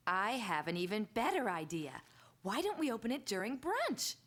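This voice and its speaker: A woman voicing a gentle, loving mother in an animated children's series, speaking softly and patiently. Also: a little high, normal speed. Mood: tender. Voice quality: soft, patient, reassuring. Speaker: mother character.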